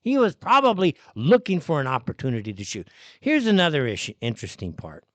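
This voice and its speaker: A male host delivers a heated, profane live rant, sounding exasperated at every turn. His voice sits a little high and leaps around in pitch. The sound is dry and close. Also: huge pitch swings, fairly quick, a bit bright, dry recording. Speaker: show host. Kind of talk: ranting live commentary.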